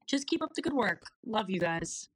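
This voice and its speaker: A woman leaves a loose, chatty message, wandering between thoughts with plenty of fillers. Her voice sits at an ordinary middle pitch and sounds dry, close and unadorned. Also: big pitch swings, moderate pace, fairly bright tone, no room sound. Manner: chatty, rambling, many fillers. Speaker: listener sending in a voice message. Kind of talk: casual recorded message.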